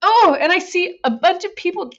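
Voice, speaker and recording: A woman in her thirties, a voice actor guest on a casual podcast, talking in an emotional, gushing and animated way. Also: very high-pitched, moderate pace, muffled recording. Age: 30s.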